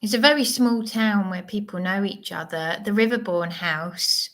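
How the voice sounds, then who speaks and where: A woman's voice: mid-range voice, moderate pace, a bit bright. A woman, hosting an unscripted livestream monologue, rambling and digressive with many restarts. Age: 30s. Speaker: livestream host.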